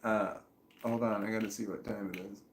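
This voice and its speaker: In a fairly low, steady voice and a slightly fast pace, a forties-aged livestreamer reads his chat aloud, rambling, chuckling and swearing freely. Background noise is present, and the distant mic makes the sound roomy.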